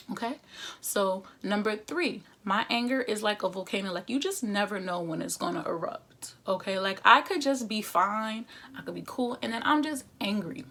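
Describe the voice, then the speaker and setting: A woman's voice: medium pitch, a bit bright. Young woman vlogger, blunt and sassy, casual confessional delivery. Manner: sassy, blunt, conversational with slang. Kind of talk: candid confessional talk to camera.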